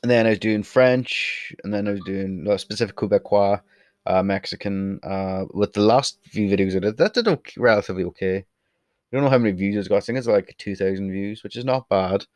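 A chatty Irish vlogger gives a casual rambling monologue, blunt and swearing as he strays off topic. His voice is on the low side, brisk and darkish, with dry, close, echo-free sound from a desk mic he sometimes turns away from.

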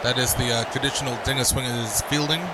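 A man co-hosting comedic cricket commentary, animated and delivering deadpan jokes. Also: mid-range voice, fast, heavy background noise.

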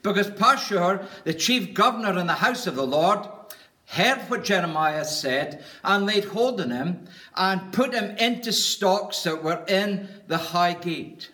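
A man preaching a sermon in an earnest, deliberate way, lingering on each word of a list. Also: high voice, animated, sharp tone.

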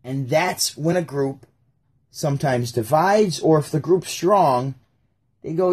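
A man's voice: a little high, slow pace, darkish tone, breathy edge. A man hosting a casual livestream, talking in a rambling way and acting out the people in his stories. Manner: rambling, acts out voices of people in anecdotes. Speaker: live-stream host.

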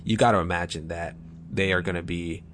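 A low-voiced man in his late twenties talks sports with his co-host on a podcast. He explains the details carefully but stumbles and restarts his sentences often. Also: fairly even intonation, a little fast, background noise. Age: late 20s. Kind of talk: casual chat.

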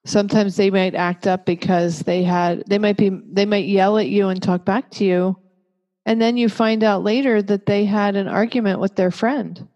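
A woman giving a calm, measured talk that teaches parents. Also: lowish voice. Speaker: parenting educator. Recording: long reverb.

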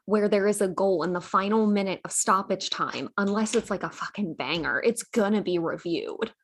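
A woman's voice: mid-range voice, moderate pace, slight background noise. A woman hosting a casual sports podcast, asking dry, sarcastic questions. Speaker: podcast host. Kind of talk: casual chat.

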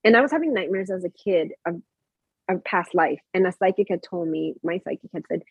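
A woman's voice: on the low side, lively intonation, fast, breathy edge, no room sound. A woman casually telling personal stories about her spiritual practices, rambling with many restarts and fillers. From Mexican heritage, living in Canada. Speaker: guest sharing personal spiritual experiences. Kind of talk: casual conversational storytelling. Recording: dry, tinny phone-like sound.

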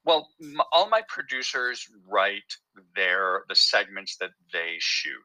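A man's voice: on the low side, very animated, slow, pushed and bright, dry recording, low-quality recording. A man who creates and writes a TV show, telling his story in a casual interview with many fillers and restarts.

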